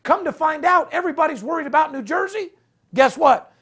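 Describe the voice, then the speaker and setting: A man's voice: very high-pitched, lively intonation, brisk, fairly bright tone. A man hosting a sports betting podcast, talking brashly and profanely in casual banter. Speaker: podcast host.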